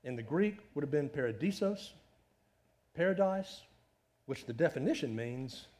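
Here the middle-aged pastor keeps a moderate pace, his pitch on the high side. His sermon stays conversational and spirited, built around rhetorical questions.

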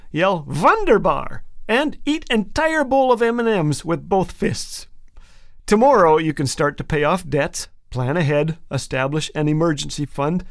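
A man's voice: fairly high pitch, no echo, studio quality. A man hosting a radio show, delivering a scripted humorous monologue in a playful, joking way and chuckling at his own lines.

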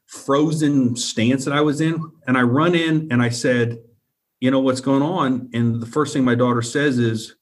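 Man, mid-pitched voice, earnest first-person storyteller, repeats himself and keeps checking in with the listener. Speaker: guest telling a personal encounter.

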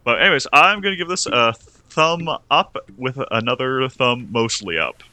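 A man's voice: mid-range voice, animated, normal speed, sharp tone, no room sound. A young man co-hosting a casual film review podcast, rambling and restarting his sentences often. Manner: rambling, restarts often, laughs between points. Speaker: podcast co-host.

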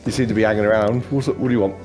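A man voicing a boisterous, heavy-drinking male wizard who keeps jumping up into a high, squawky voice. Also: fairly even intonation, racing, a little mellow, soft background music, lightly acted. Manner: squawky, jumps high in pitch. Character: boozy, boisterous, inhumanly strong male wizard.

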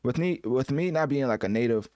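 A man's voice: medium pitch, expressive, fairly quick, warm tone, no room sound. A man giving casual, joking reaction commentary on a music album, self-mocking and full of fillers like "right?" and "you know.".

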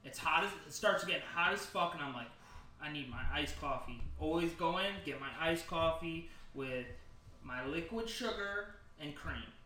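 A man's voice: fairly high pitch, animated, normal speed, sharp tone. A young man co-hosting a podcast, telling rambling stories with a lot of swearing. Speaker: podcast co-host. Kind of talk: casual chat. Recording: roomy, distant mic with crowd noise.

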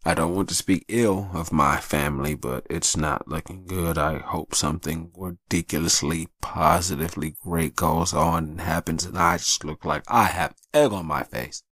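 A man's voice: rumbling low, fairly even intonation, moderate pace, few pauses, fairly bright tone, no room sound, studio quality. A man hosting a podcast, telling personal stories in a candid, profane, casual way. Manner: candid, profane, acts out voices in his stories. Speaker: podcast host. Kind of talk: casual storytelling monologue.

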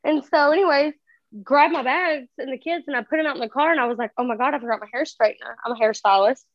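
Casting: high-pitched woman, animated and profane storyteller, dry dull recording. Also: fast talker, no room sound. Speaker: guest telling a story. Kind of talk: casual storytelling chat.

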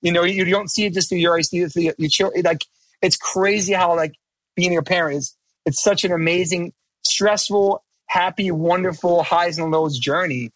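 A man's voice: high-pitched, steady tone, normal speed, fairly bright tone, no room sound. A middle-aged man talking as a podcast guest in casual chat, emphatic, profane and rambling, restarting his sentences.

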